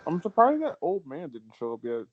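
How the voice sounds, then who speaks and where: A man's voice: on the high side, huge pitch swings, fairly quick, husky, lo-fi sound. A young man playing in a tabletop game, often exasperated and laughing, swearing casually. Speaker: player.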